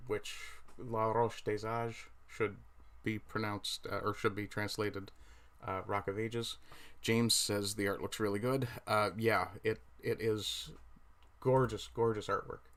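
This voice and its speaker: Newfoundland man with a low voice, chatting casually. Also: level tone, measured pace, fairly bright tone. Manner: rambling, self-correcting, chatty asides while browsing. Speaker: livestream host. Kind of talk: casual livestream chat.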